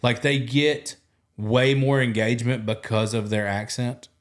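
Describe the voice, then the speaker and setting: A man hosting a podcast, telling animated stories in casual chat and mimicking other people's voices. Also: medium pitch, a little slow. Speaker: podcast host.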